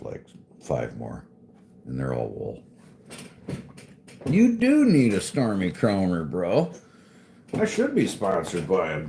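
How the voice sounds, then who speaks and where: Male streamer, low mellow voice, unhurried and profane, faint room hum. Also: vocal fry. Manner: laid-back, profane, joking, reads chat aloud. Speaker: livestream host chatting with viewers. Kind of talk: casual live-stream chat.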